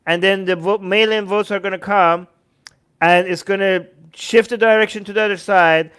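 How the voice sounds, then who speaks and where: A man with a high, smooth and clear voice hosts a live-stream commentary. He reads news snippets aloud, breaks off to answer viewer comments and slips into mocking impressions of people. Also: steady tone, moderate pace, fairly bright tone. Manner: sarcastic, mocking impressions of others. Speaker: host.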